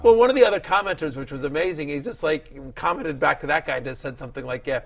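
A man's voice: a little high, quick pace, vocal fry. A man hosting a fantasy football show, chatting casually and rambling through long stories with frequent laughter. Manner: rambling, laughing, animated storyteller. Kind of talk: casual sports chat.

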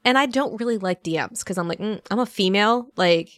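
A woman's voice: mid-range voice, fairly quick, dry recording. A woman voice actor chatting as a podcast guest, telling stories and acting out what people said to her. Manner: chatty storyteller who acts out quoted dialogue; frequent laughs and fillers. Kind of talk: casual podcast chat.

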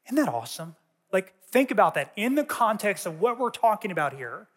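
A man with a fairly high voice gives a sermon in a conversational, storytelling manner. His voice carries a long reverb from a large church auditorium. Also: big pitch swings, fairly quick, a bit bright. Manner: conversational, tells personal stories. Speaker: teacher.

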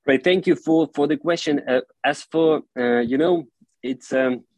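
A man, an English speaker, answering interview questions in an earnest, halting way with frequent "you know" fillers. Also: fairly high pitch, a little mellow, no echo, poor audio. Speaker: football club director, guest.

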